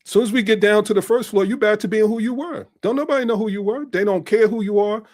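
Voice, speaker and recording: A middle-aged business strategist appears as a podcast guest, talking bluntly and street-wise about how things really work. His voice sits high and he talks quickly in this casual conversation.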